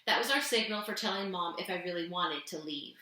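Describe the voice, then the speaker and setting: A woman reading a children's novel aloud, gently narrating and lifting her voice for the characters. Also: fairly quick. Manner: gentle storytelling, voicing characters with raised pitch. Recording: echoey room.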